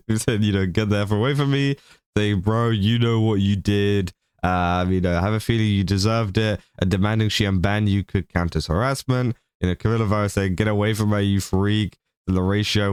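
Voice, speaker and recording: Male commentary host, chatty and rambling, smooth lower voice, dry booth-like sound. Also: a little mellow, no echo. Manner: rambling, many fillers, laughs between points. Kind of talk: casual commentary.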